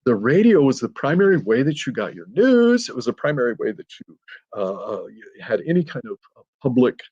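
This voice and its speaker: A man teaching young writers in a casual, animated talk, full of fillers and restarts, often chuckling. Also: medium pitch, brisk, dry recording, lo-fi sound. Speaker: writing teacher at an online summit. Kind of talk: casual spoken lesson.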